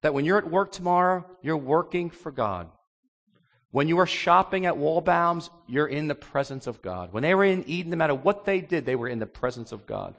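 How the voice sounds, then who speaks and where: A male pastor preaching an animated sermon and acting out the voices in the stories he tells. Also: on the high side, normal speed, in a large hall.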